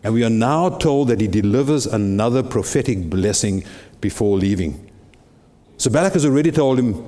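A man's voice: mid-range voice, lively intonation, normal speed, mellow. A man preaching a sermon, retelling a Bible story dramatically with lots of rhetorical questions. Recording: long reverb in a big hall.

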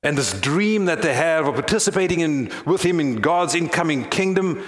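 A male pastor delivers a sermon in an earnest, storytelling manner. His voice sits a little high, and he presses toward key phrases for emphasis. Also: expressive, normal speed, roomy sound.

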